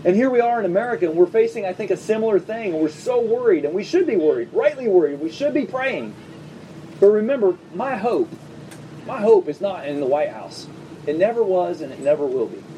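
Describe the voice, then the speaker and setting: Pastor, male, high and mellow, conversational sermon with humor, slightly distant mic. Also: very animated, slight background noise. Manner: conversational preaching with quick asides and humor. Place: church service before a congregation.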